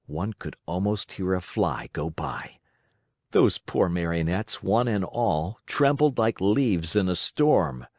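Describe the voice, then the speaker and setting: Expressive man narrating a storybook. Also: low-pitched, slow pace, dry recording, studio quality. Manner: expressive, dramatic reading. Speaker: audiobook narrator.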